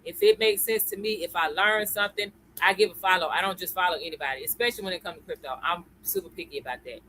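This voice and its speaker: A woman's voice: fairly low pitch, fast, a bit bright, low-quality recording. A woman hosting a live-stream lesson. She talks in a chatty way, greets viewers by name and keeps checking in with "okay?" and "y'all.". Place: at home computer.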